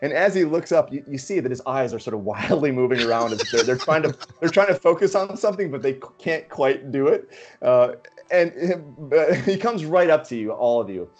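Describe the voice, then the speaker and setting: A man's voice: medium pitch, expressive, brisk. A man running a tabletop game as game master, narrating in a rambling way with many fillers.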